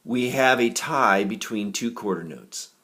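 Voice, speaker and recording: A man teaching a music reading lesson, patient and gentle, walking students through rhythm exercises. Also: mid-range voice, unhurried. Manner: patient, gentle instructor, demonstrating rhythms by singing syllables.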